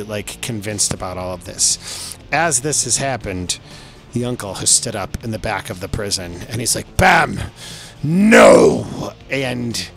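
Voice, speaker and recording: A man running a tabletop game as game master, loose and chatty with lots of fillers. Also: lowish voice. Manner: loose and chatty, many fillers, laughs often.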